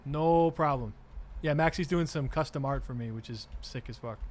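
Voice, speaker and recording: A man's voice: fairly high pitch, normal speed, a little hiss or hum. A young man streaming a video game, chatting casually with crude jokes and reading chat aloud.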